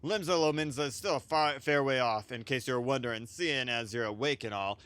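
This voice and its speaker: A man's voice: medium pitch, a little fast, fairly bright tone, clear, resonant tone, dry recording, close to an everyday voice. A man voicing a chatty, folksy male peddler on a ship, reading game lines in an amateur voice-over with homespun talk. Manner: homespun talk, calls listener lad, says reckon.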